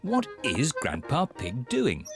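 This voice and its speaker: A cartoon narrator, telling the story in a calm, gently wry way. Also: mid-range voice, slow pace, vocal fry, over loud music.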